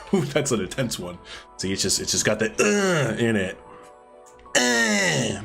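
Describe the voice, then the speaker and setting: A man's voice: fairly low pitch, huge pitch swings, measured pace, gravelly, fairly bright tone, soft background music. A man streaming live, chatting casually with viewers as he builds, rambling and laughing often while answering their messages.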